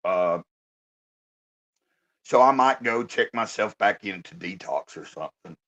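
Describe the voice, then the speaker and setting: A hoarse man in a halting, casual live-stream check-in, talking into his phone with many pauses and fillers. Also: on the low side, expressive, fairly bright tone, lo-fi sound.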